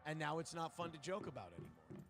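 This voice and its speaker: A man's voice: fairly high pitch, big pitch swings, quick pace. A male podcast host ranting bluntly and profanely, complaining about people. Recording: played clip with music behind.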